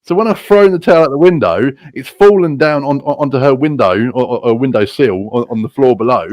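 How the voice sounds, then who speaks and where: A man's voice: medium pitch, fairly quick, a little mellow, no room sound. A British man telling rowdy stories casually, swearing a lot and laughing at himself. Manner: crude, profane, laughing at his own stories. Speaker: storyteller.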